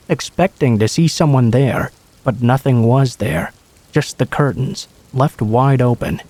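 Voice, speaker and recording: A man narrating true scary stories in a steady, matter-of-fact reading voice. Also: mid-range voice, no echo. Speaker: horror story narrator.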